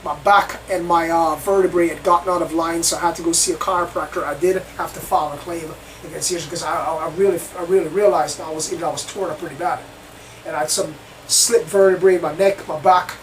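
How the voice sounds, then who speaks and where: A man with a high voice tells a story in the first person, rambling and repeating himself as he goes. He sits some way from the mic, and faint noise hums behind him. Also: steady tone, quick pace, recorded from a distance, rough recording. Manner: rambling, repetitive retelling. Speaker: channel host.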